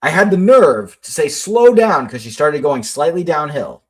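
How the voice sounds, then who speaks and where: A man in his thirties with an American accent, co-hosting a casual podcast and telling expressive stories about his daughters. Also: normal speed, husky. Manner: expressive storyteller, swings high when quoting, laughs easily. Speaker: podcast co-host. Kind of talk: casual chat.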